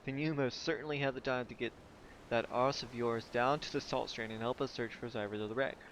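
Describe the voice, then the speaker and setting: A man voicing a brusque, busy harbor official in a gruff, impatient reading voice. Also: mid-range voice, steady tone, brisk, a bit bright, slight background noise, natural voice.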